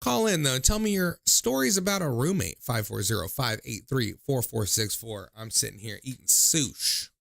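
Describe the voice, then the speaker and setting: A young man runs a call-in livestream, telling rambling, profane, filler-heavy stories in a casual chat and doing high-pitched impressions of the people he quotes. His gravelly, fairly bright voice has lively intonation and few pauses at a normal speed, in a clean studio recording with no room sound.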